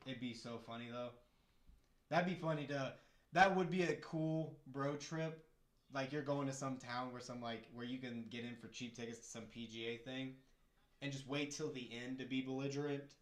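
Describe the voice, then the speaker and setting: A man's voice: medium pitch, steady tone, fairly quick, reverberant. A man hosting a casual live stream, chatting and joking as he talks through the fights and answers his chat from a room at home. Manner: chatty, jokey, reads chat aloud.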